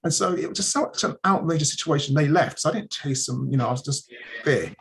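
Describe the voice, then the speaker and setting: A man's voice: on the high side, animated, a little fast, gravelly, a bit bright, slightly rough. A man hosting a community news livestream, chatting casually and telling stories with plenty of fillers and restarts. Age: adult, married.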